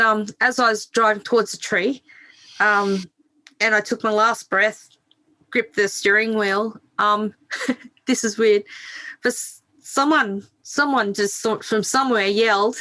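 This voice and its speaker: A middle-aged woman, a guest on a podcast, tells her own story in a candid interview. Her medium-pitched voice has a bright, forceful edge, and she speaks frankly, swears freely and laughs at herself.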